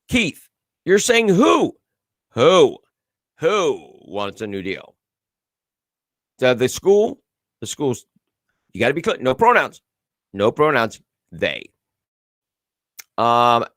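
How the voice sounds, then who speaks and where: A man's voice: medium pitch, fairly bright tone, no echo, studio quality. A man hosting a casual live commentary show, reading viewer comments and news aloud with a sarcastic edge. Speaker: host.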